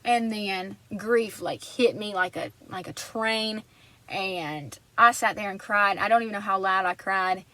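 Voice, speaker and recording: A woman's voice: medium pitch, unhurried, bright, forceful tone, no room sound, low-quality recording. A woman vlogger telling a personal story in an earnest, rambling way, often restarting her sentences.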